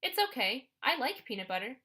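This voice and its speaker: Woman doing a nervous skinny kid in an audiobook, soft and timid, a bit higher. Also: big pitch swings, brisk, exaggerated voice. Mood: soothing. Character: scrawny nervous boy, gentle and anxious.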